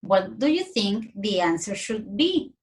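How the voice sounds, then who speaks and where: A woman with a Mexican Spanish accent teaching young children English punctuation, patiently reading example sentences aloud with expressive tone. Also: mid-range voice, unhurried, low-quality recording. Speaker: primary school English teacher. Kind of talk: recorded online lesson for young children.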